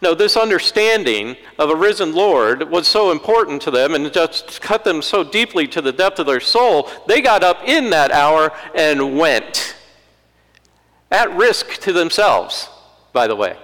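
A man's voice: a little high, big pitch swings, unhurried, fairly bright tone, in a large hall, rough recording. A man preaching a conversational sermon in a church, with wry asides and acted-out quotes.

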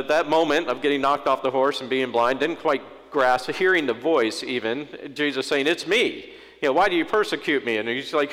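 A man delivers a sermon as a pastor, talking through it casually with wry asides. His voice sits at an ordinary middle pitch. Long reverb from a church hall trails behind him. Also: fairly bright tone. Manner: conversational preaching with asides and quoted inner voices.

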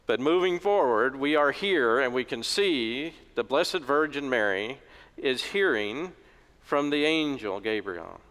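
A man's voice: medium pitch, animated, unhurried, fairly bright tone. A middle-aged man preaching a sermon in a joking, conversational way, in a church. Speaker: pastor. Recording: echoey church reverb.

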